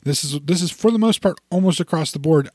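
A man's voice: fairly high pitch, a little fast, darkish tone, husky, dry recording, studio quality. Man explaining through everyday scenarios. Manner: repeats and restarts words, builds examples as little scenarios. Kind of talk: casual explanatory chat.

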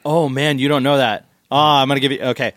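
A man's voice: medium pitch, fairly even intonation, fast talker, fairly bright tone, dry recording, clean studio sound. A man co-hosting a casual podcast chat, asking questions and talking with lots of fillers. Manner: asks questions, casual filler-heavy talk.

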